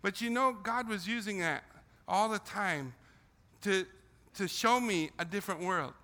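An older man, raised in the Philippines, shares his missionary story with students in an earnest, repetitive way, often circling back over his words. His voice sits high and sounds very bright and forceful. The sound carries a long reverb from a large hall. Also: a little slow. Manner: emotional, repetitive storytelling with restarts. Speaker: missionary speaker. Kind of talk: testimony talk to students.

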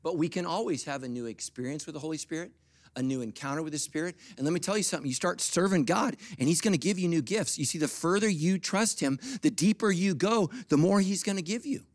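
A middle-aged man preaching a sermon as pastor, swinging from quiet, confiding asides to loud, high-pitched bursts. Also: quick pace, no room sound, clean studio sound.

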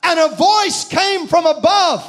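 A man preaching a sermon, retelling a vision with impassioned, shouted peaks and slow, drawn-out phrases. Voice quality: high, ringing voice that rises into shouts.

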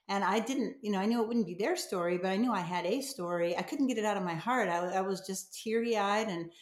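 A woman's voice: medium pitch, brisk, hardly any pauses, roomy sound. A middle-aged woman, a novelist guest on a podcast, earnestly telling a story and replaying conversations. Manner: earnest, retells conversations with quoted voices.

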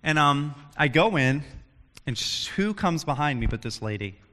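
A man's voice: on the high side, normal speed, in a large hall. A young man preaching a casual sermon to students, telling stories and acting out quotes. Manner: animated storytelling, acts out quotes. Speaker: youth preacher.

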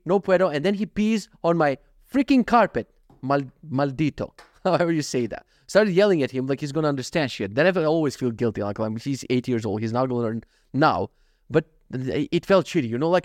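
A man's voice: medium pitch, a little mellow, dry recording, clean studio sound. A man hosting a casual solo podcast, ranting in an exasperated, profane way and often saying "dude". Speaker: podcast host.

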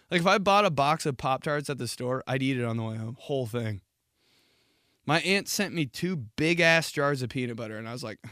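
A man's voice: mid-range voice, normal speed, a bit bright, dry recording, studio quality. A man hosting a podcast and telling crude, rambling comic stories in a casual monologue. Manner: crude, rambling, jokey storytelling. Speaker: podcast host.

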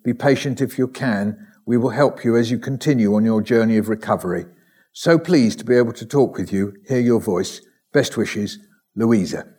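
A man at an ordinary mid pitch reads a string of short letters aloud at a steady, measured pace. Now and then he breaks off with a dry aside or a quiet laugh. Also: slightly rough. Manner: measured reading with wry asides and soft laughs. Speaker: recovered patient reading his ICU diary.

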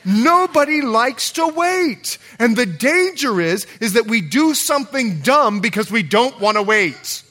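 A man preaching a sermon as pastor, swinging from loud calls to hushed low lines. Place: church.

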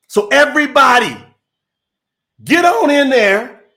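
A man preaching on a livestream, his voice riding high for a man. He speaks. He is fervent and repetitive, circling back on the same phrases again and again. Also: expressive, takes it slowly, gravelly, pushed and bright. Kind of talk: livestreamed sermon.

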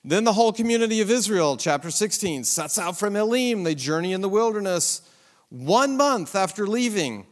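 A man's voice: high voice, expressive, normal speed, long reverb tail. A man teaching a Bible survey lesson in a conversational, emphatic way, with rhetorical questions and asides.

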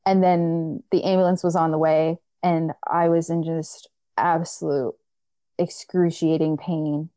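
A young woman telling a personal story in casual chat, animated, acting out what others said, with many filler "likes". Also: deep voice, measured pace, no echo.

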